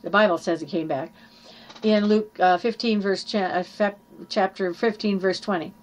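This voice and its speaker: A woman's voice: mid-range voice, steady tone, moderate pace. A woman preaching a sermon in an earnest teaching manner, reading scripture aloud and explaining it.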